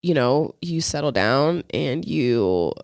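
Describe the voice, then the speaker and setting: Gravelly young adult podcast co-host. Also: medium pitch, animated, slow, no room sound, clean studio sound. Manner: rambling, swearing, slangy, acts out quoted lines. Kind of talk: casual chat.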